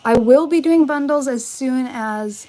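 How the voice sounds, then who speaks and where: A young vintage fashion YouTuber speaks in a high, warm voice at a measured pace during a casual live-stream Q&A. She's upbeat, with plenty of likes and ums, filming on a phone held at arm's length in her bedroom by a vanity. The audio quality is poor, and faint music can be heard.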